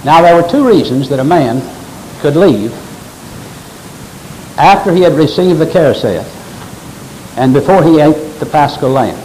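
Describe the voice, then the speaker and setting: A man's voice: on the high side, animated, measured pace, pauses often, darkish tone, slight background noise, poor audio. A man preaching a sermon, explaining scripture with emphatic stress and quoting verses aloud.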